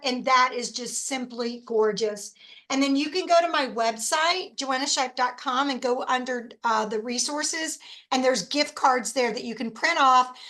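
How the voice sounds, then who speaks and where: A woman talks through a casual how-to presentation in a high, bright voice. She is chatty and enthusiastic and drifts into rambling asides. Her voice is a little hoarse from talking so much. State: losing her voice. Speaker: host.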